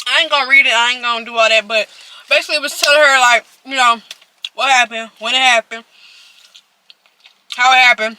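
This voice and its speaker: Young woman vlogger, chatty storytime over a meal, bright and a bit high. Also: a little fast, long pauses, slight background noise. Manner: chatty, animated, addresses viewers directly. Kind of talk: casual storytime while eating.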